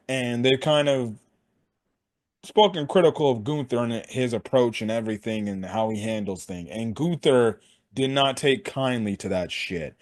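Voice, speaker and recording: Brief: young male sports reviewer, casual and slangy, swears a lot, gets worked up, mid-range voice. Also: mid-range voice. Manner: excitable, heavy swearing, slangy. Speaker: wrestling show reviewer.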